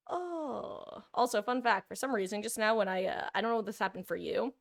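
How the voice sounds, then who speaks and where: Chatty streamer woman with gravelly voice. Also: mid-range voice, normal speed. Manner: rambling, self-deprecating, chatty with frequent fillers. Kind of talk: casual live-stream chat. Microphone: desk mic, monitoring own audio.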